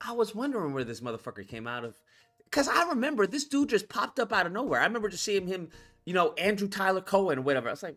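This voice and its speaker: A man's voice: high-pitched, sing-song, fast, sharp tone, faint music behind. A man hosting a call-in commentary stream, ranting bluntly and swearing heavily. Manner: profane, blunt, exasperated ranting. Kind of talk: casual political commentary.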